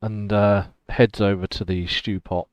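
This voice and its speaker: A man narrating a tabletop game as game master, describing scenes in a relaxed way with fillers. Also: on the low side, a little slow, clean tone, no echo. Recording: dull dry lo-fi recording.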